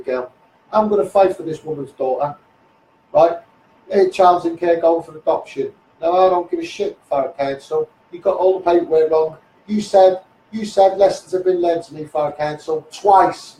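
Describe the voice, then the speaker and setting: A middle-aged Liverpool man, a social media campaigner, rants angrily on Facebook Live, addressing officials directly with blunt, combative swearing. His high voice has a warm tone, but the mic is distant, and the audio is poor and roomy with slight background noise.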